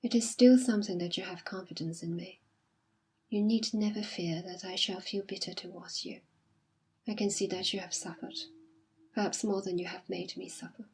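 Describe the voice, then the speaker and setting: Jilted young woman, dignified and quiet, breathy husky timbre, as voiced by a woman reader. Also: mid-range voice, fairly even intonation, moderate pace. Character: jilted young woman, proud and self-sacrificing. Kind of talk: audiobook reading.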